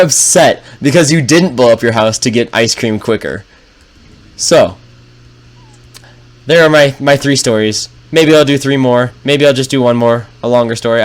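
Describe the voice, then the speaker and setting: A young man casually telling funny family stories while playing a game, laid-back, wry and full of swearing. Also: mid-range voice. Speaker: storyteller. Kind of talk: casual storytelling over gameplay.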